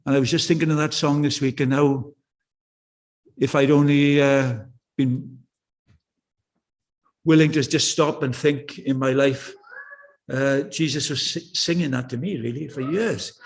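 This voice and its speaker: A man's voice: mid-range voice, steady tone, a little slow, long pauses. An older British man preaching a sermon in a church, conversational and anecdotal with passionate swells.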